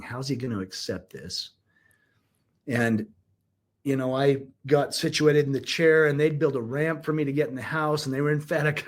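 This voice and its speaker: Earnest middle-aged man telling his story. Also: mid-range voice. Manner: earnest, reflective, with frequent restarts. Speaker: podcast guest. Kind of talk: emotional personal storytelling.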